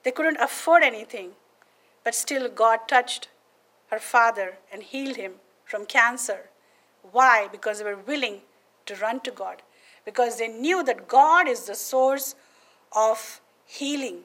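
A woman's voice: a little high, unhurried, pushed and bright. Emphatic woman preaching testimony. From India. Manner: emphatic, keeps asking "Amen?" of listeners. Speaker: podcast preacher. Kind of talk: testimony sermon.

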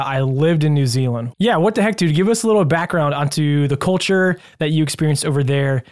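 A man's voice: a little high, darkish tone. A man hosting a casual podcast interview, talking in an upbeat, enthusiastic and chatty way. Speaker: podcast host.

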